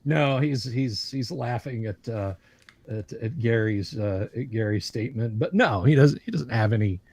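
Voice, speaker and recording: A man narrating as the game master of a tabletop game, at an ordinary middle pitch. He halts often and restarts his sentences. The recording is dry and close, with no room sound. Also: a little mellow, slightly rough, no echo. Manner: halting, full of uh and restarts.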